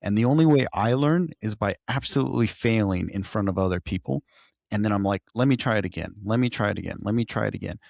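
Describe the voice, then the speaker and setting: A man's voice: lowish voice, fast, creaky, no room sound, studio quality. A man co-hosting a podcast, telling stories in a casual chat and livening up when he quotes others. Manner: storytelling, animated when quoting others. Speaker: podcast co-host, firefighter.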